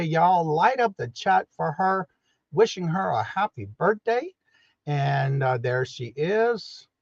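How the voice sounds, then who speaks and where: A man's voice: sits high, no echo, highs cut off. A man from New Orleans, hosting a casual morning live stream and greeting viewers in the chat one by one by name. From New Orleans, Louisiana. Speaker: livestream host.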